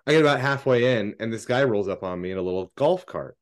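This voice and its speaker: A man in casual podcast chat, telling a story with lively, swearing energy. His voice sits at an ordinary middle pitch, and he jumps up loud whenever he acts out what someone said. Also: quick pace. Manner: animated, swears freely, acts out quotes loudly. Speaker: podcast co-host.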